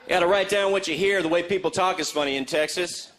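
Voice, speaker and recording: A male stand-up comedian telling deadpan quips to a live audience. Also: high voice, a little hiss or hum. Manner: deadpan quips, quick jokes. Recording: live show with audience laughter.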